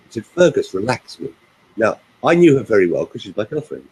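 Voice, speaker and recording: A voice coach with a fairly low, slightly husky male voice. He talks in a lively, storytelling way, and his pitch rises and falls a great deal as he explains his points. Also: fast talker, low-quality recording. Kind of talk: animated storytelling and coaching talk.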